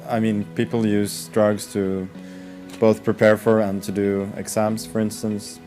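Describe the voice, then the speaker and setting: A man with a Norwegian accent, a chess player answering press questions with dry, deadpan humour. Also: lowish voice, measured pace, soft background music.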